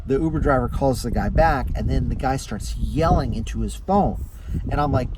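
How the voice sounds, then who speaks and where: A man who drives for a ride-hail service, telling stories to camera in a casual way and jumping into higher voices when he acts out his passengers. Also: lively intonation, brisk, noisy background. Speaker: rideshare driver and vlogger. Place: inside a car.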